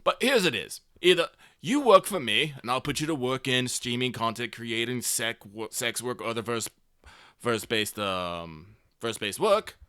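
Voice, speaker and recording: A man playing a gravelly gang boss villain. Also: mid-range voice, animated, normal speed, sharp tone, no echo, clean studio sound. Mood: smug menacing. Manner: smug, menacing speech.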